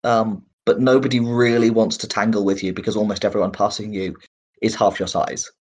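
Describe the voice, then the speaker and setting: A man narrating as game master in a relaxed, rambling way with many fillers. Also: lowish voice, a little fast, breathy edge.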